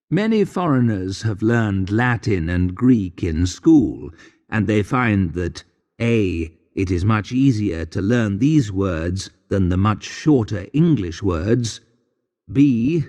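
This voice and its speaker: A man with a dark, low voice reads a story aloud for English learners, taking it slowly and deliberately. His intonation rises and falls in a lively way, and a long reverb trails after every phrase. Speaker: narrator reading a graded English story. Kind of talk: slow scripted story narration for learners.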